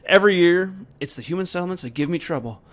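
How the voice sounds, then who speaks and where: A man putting on a loud, high giant voice. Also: expressive, quick pace. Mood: boisterous. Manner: loud, exaggerated, with an accent that keeps slipping. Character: boisterous male giant warrior with a put-on accent.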